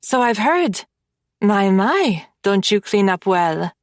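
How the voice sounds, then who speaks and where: A woman's voice: mid-range voice, very animated, takes it slowly, no room sound, studio quality. A woman voicing a catty young rich woman who talks with fake sweetness and snide digs.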